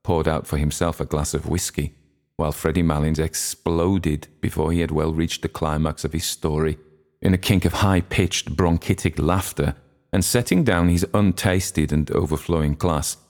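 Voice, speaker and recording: A man reading a classic short story aloud in measured, steady scripted narration. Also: rumbling low. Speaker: audiobook reader.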